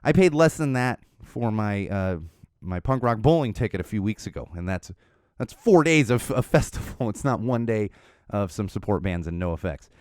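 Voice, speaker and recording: This Southern California podcast host, speaking from a studio into a studio mic, tells a long, rambling story loaded with fillers and chuckles. His voice sits on the low side, darkish and smooth, with lively intonation at a normal speed. The sound is clean, with no room sound.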